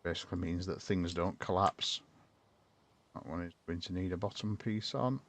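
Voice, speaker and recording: A man talks through his game build in a loose, rambling way. His voice sits a little low, and he keeps breaking off to answer viewers. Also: moderate pace. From northern England. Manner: chatty, rambling, talks to chat while building. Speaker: streamer. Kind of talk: casual gameplay commentary.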